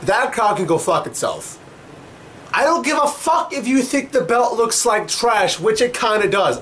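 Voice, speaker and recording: A man's voice: a little high, fairly bright tone, a little hiss or hum. Heated, profane young man ranting. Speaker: wrestling commentator vlogger. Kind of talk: ranting commentary.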